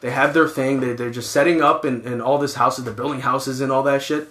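A man's voice: medium pitch, fairly even intonation, a little fast, a bit bright, echoey room. A man co-hosting a casual chat, telling rambling, profane stories.

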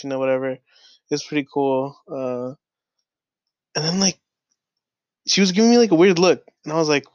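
A young adult man hosting his own podcast tells a rambling, casual story packed with "like" and swearing, speaking quickly at medium pitch with long pauses. His tone is clean, but the dry, echo-free recording sounds dull and lo-fi.

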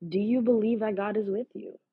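Husky-voiced woman preaching on a lo-fi line. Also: medium pitch, steady tone, a little fast. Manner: earnest, preachy, many fillers like "y'all" and "like". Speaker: podcast host. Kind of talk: casual devotional podcast talk. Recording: phone-like, lo-fi audio.

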